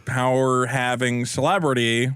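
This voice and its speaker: A man's voice: mid-range voice, fairly even intonation, unhurried, a bit bright, clean tone, no room sound, studio quality. A man co-hosting a podcast in casual comedic chat, making wry, sarcastic asides. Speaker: podcast co-host.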